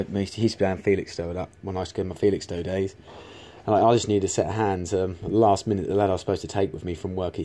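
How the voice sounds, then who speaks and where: This vlogger, a man with a low, mellow voice, walks viewers through arcade machines while chatting to camera. His talk is rambling and full of restarts, with casual swearing mixed in.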